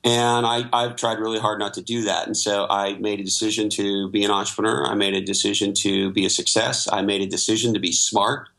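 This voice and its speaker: A man's voice: lowish voice, little pitch movement, brisk, vocal fry, hardly any pauses, a bit bright. A middle-aged man from Canada, a guest in an interview, telling his life story in a reflective way with many fillers. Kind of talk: interview conversation.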